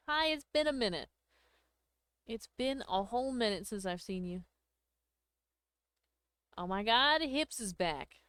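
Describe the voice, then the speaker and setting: A woman's voice: high voice, fairly bright tone, dry recording. A woman hosting a livestream, chatting casually with viewers, thanking them and laughing often. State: hiccups. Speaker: livestream host.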